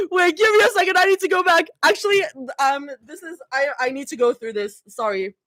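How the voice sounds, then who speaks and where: Shrieking, laughing high-voiced young woman. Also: lively intonation, a little fast, a bit bright, no room sound, studio quality. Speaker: streamer reading fan fiction. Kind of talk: excited live reading reaction.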